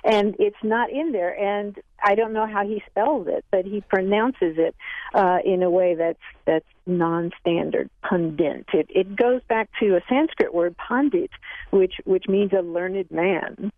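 A woman's voice: medium pitch, a little slow, no echo. A woman guest on a radio talk show, chatting about word pronunciation with many restarts and laughs, heard over a phone line. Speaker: language expert guest. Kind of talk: casual radio interview.

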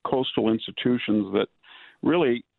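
An older man, a historian and author, giving measured, analytical answers in a political interview from rural California. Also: mid-range voice, vocal fry, dry recording. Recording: dry phone-line audio.

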